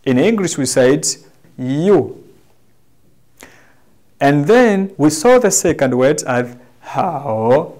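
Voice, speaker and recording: A man with a Tanzanian accent teaching a language lesson, slowly repeating words for the class to echo. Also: fairly high pitch, big pitch swings, darkish tone.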